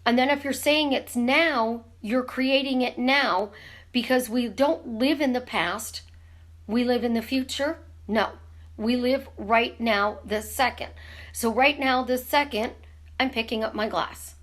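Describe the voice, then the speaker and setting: Woman, slightly high voice, casual coaching talk, rhetorical questions, live stream to camera. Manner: animated, talks with her hands, asks rapid rhetorical questions. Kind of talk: casual teaching monologue. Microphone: camera in front of her.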